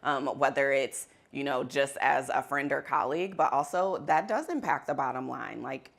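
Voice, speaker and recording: A woman with a low, gravelly voice leads a workshop in front of a room of people. She talks candidly and with animation, and she laughs easily. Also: normal speed. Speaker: workshop facilitator. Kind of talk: interactive workshop talk. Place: conference room with an audience.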